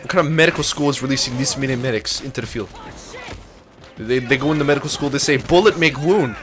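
His mid-range voice moves fast against a noisy backdrop as he narrates his gameplay. The young man swears and cracks jokes, mimicking silly quoted lines while the game's music runs underneath.

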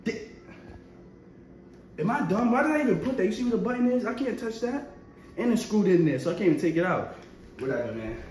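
A young man doing a casual show-and-tell vlog, excitable and slangy with frequent exclamations. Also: high voice, brisk, long pauses. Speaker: vlogger showing his collection. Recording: very echoey, far from the mic, faint noise.

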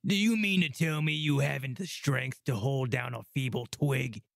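A man doing a gravelly blustering giant. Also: medium pitch, moderate pace, no room sound, studio quality, lightly acted. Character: huge gruff male giant, slow-witted.

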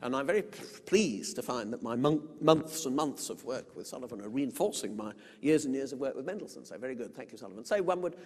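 Animated British man lecturing in a hall. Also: mid-range voice, breathy edge. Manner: animated, recites verse slowly with emphasis. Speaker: music professor lecturing. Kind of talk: lecture with spoken and sung musical examples. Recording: long hall reverb.

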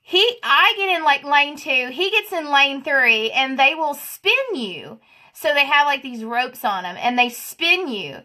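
A livestream host with a high, very animated voice chats casually while doing her makeup, greeting viewers by name and giggling through a story. She speaks at a measured pace, and her voice sounds pushed and bright.

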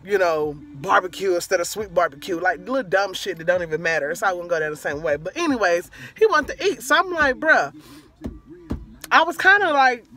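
Young woman ranting on her vlog, swears a lot, keeps getting sidetracked, bright forceful voice. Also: on the low side, fast talker, few pauses. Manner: rambling, profane, easily sidetracked. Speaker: vlogger. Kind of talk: casual storytime rant.

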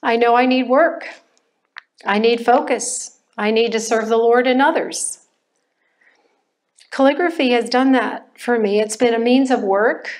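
An older woman giving a personal testimony at a church class, speaking in a slow, reflective way with pauses and restarts. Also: on the high side. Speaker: church member sharing testimony.

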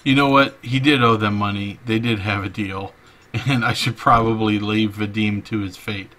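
Man, casual game commentary, joking asides, low voice. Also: steady tone, normal speed, pushed and bright. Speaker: gameplay commentator. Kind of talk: casual let's-play commentary. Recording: game music behind.

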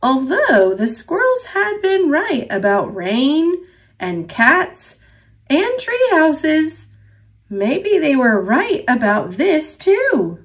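Slow, expressive woman reading a picture book. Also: sits high. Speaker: storybook reader. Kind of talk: read-aloud narration for children.

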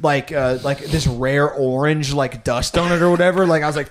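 Man, slightly raised pitch, podcast guest rambling through anecdotes with constant fillers and swearing. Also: steady tone, normal speed, a little hiss or hum. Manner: rambling, profane, lots of fillers. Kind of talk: casual storytelling.

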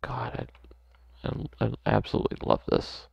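A man's voice: moderate pace, no room sound. A man playing a video game, casually commenting and joking as he goes. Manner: laid-back, joking, mutters to himself. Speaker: gamer. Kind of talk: let's play commentary.

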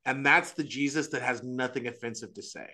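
A man speaking as an Orthodox priest on a podcast, earnest and animated, with frequent restarts and quick asides. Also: medium pitch. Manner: earnest, animated, acts out quoted voices. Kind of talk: casual religious discussion.

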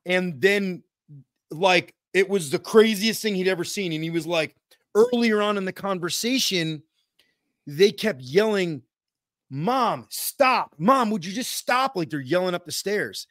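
A man hosting a podcast in casual chat, excitable and profane, rambling with many fillers. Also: high-pitched, measured pace, no echo, studio quality. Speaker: podcast host.

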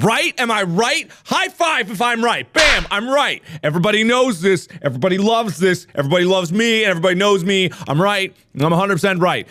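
A man giving let's play commentary, joking around and bursting into shouts while he plays. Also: high voice, fairly quick, few pauses, dry recording. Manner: excitable, jokey, prone to shouting outbursts.

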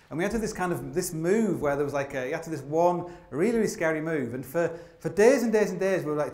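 Animated high-voiced man telling stage stories. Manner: rambling and animated, with frequent fillers and swearing. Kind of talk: live comic storytelling talk. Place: large theatre stage with a live audience. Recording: roomy theatre sound with faint noise.

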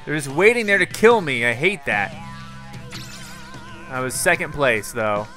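Excitable young man narrating gameplay. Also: on the high side, a little slow, faint music behind. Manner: excitable, swings to loud frustration. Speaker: gaming YouTuber. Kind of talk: live gameplay commentary.

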